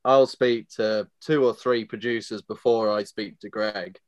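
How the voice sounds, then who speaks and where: A man's voice: fairly low pitch, steady tone, unhurried, dry recording. A man chats on a podcast about life as a farmer. He swears freely and laughs through his stories. The sound is close and dry. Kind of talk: casual chat.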